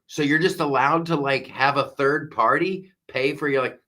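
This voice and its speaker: A man's voice: fairly high pitch, normal speed, sharp tone. A man hosting a live comedy news show, ranting with exasperated sarcasm and frequent restarts.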